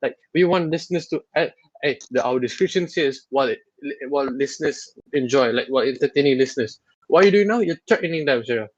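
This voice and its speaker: A talkative man chats loosely on a podcast, teasing his co-hosts and laughing often. His voice sits at an ordinary pitch and sounds dry and close. The recording is slightly muffled. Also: fast talker, dry recording. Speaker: podcast co-host. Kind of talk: casual chat.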